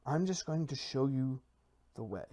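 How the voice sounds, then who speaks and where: An expressive man at a moderate pace, with background noise around him, gives playful commentary on his Minecraft server play for a video. He hypes his ideas in a mock sales pitch, rambling, restarting, and mocking himself.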